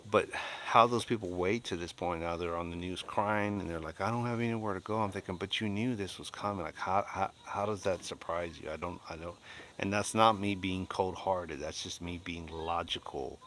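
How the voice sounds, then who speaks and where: A man's voice: low voice, normal speed, a bit bright, a little hiss or hum. A middle-aged man at home, chatting blunt and opinionated on a live stream as he reads and answers his chat, rambling with restarts. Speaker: livestreamer reading and answering chat.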